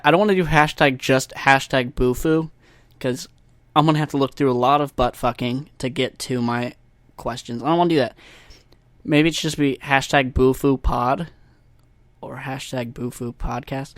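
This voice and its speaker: A man's voice: medium pitch, no echo. Rambling, profane podcast guy. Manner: rambling, profane, self-mocking. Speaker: podcast host. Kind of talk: casual solo podcast monologue. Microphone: USB desk microphone.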